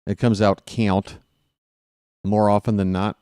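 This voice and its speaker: Low-voiced Baltimore man calling baseball. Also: a little slow, no echo, clean studio sound. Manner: excited fan rooting for his team. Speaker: play-by-play announcer. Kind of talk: solo baseball play-by-play commentary.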